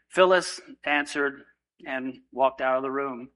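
A man preaching a sermon in church, praying and then telling a story in an earnest, steady way. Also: mid-range voice, measured pace, low-quality recording. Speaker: pastor.

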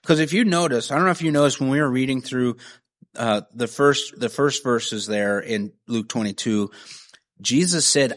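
A man's voice: fairly high pitch, expressive, normal speed. Guy preaching, earnest, talky, keeps going "you know, right?". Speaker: pastor. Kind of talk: sermon.

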